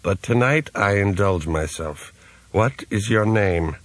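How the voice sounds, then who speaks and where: A man reading an audiobook, voicing a tall old man who slurs like a drunk and speaks softly with menace. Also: lowish voice, slow, dry recording. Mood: languid. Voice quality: slurred, drunken. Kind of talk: audiobook character voice.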